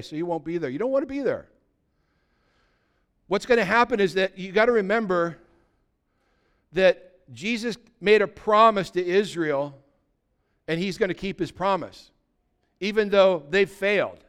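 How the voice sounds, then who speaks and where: A pastor preaching an urgent, emphatic sermon, repeating short declarations and dropping low and soft when he pleads. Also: clear, resonant tone.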